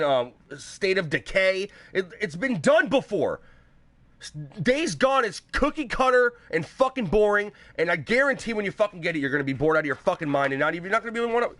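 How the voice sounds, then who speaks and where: A man's voice: high voice, a bit bright, dry recording. A young man hosting his own show, ranting about video games with heavy swearing and sarcastic mock quotes of other people. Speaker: show host. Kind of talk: ranting gaming commentary.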